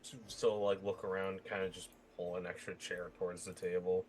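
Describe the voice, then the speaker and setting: A man playing a tabletop game, excitable and quick to laugh, jumping from quiet asides to loud outbursts. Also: low voice. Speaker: player.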